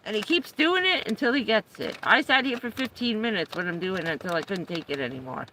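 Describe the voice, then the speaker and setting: A woman's voice: medium pitch, expressive, brisk, few pauses, bright, forceful tone, slight background noise, low-quality recording. A middle-aged woman chatting casually on a live stream, talking to her dog in a coaxing raised voice and telling stories. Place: parked vehicle on a rainy day.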